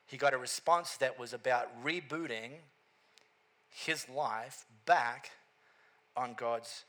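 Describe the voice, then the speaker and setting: A man preaching a sermon, telling a story with animated asides and repeated catchphrases. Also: mid-range voice, slow. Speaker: pastor.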